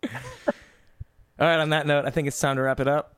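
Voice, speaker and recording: A man's voice: a little high, little pitch movement, a little fast, fairly bright tone, smooth, no echo, studio quality. A man co-hosting a casual podcast, reading out headlines and thinking aloud with fillers. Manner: reads out headlines, hesitant fillers. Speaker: co-host.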